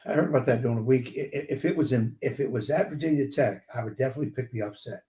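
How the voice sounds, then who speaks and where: Man, coach and co-host, easygoing, halting, dark mellow tone, roomy echo. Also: medium pitch. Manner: easygoing, short replies, hesitant restarts. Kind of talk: casual sports talk.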